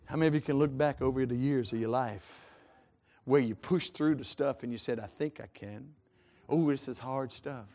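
A man preaching a sermon in a folksy, joking way, his chest congested and given to coughs, swinging from loud to hushed. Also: mid-range voice, moderate pace.

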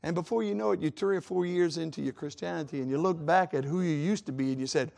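A man preaching a sermon in a folksy, joking way, his chest congested and given to coughs, swinging from loud to hushed. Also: a little high, fast, creaky, hardly any pauses.

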